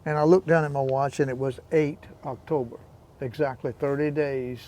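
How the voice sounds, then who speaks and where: A man's voice: mid-range voice, steady tone, normal speed, darkish tone, slight background noise. A man in his eighties, a veteran paddler and interview guest, telling stories in casual chat with a teasing manner and frequent laughter. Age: 80s. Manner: teasing storyteller, laughs often.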